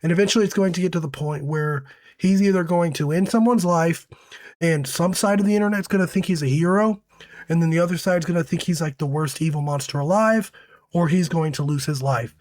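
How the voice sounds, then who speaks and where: Hoarse man giving casual commentary. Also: on the high side, a little fast, a little mellow, no echo. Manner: conversational, uses fillers like "right?". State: hoarse, recovering from illness. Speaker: commentary host.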